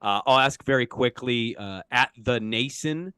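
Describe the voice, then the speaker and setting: A man's voice: mid-range voice, measured pace, sharp tone, smooth, dry recording. A young man co-hosting a casual sports talk show, reacting briefly and reading out listener questions. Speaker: co-host.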